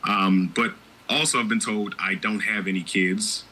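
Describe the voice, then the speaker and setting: A man's voice: fairly low pitch, steady tone, measured pace, bright, forceful tone, low-quality recording. A man hosting a podcast, talking candidly and with strong opinions, with frequent restarts. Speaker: podcast host. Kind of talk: casual podcast chat.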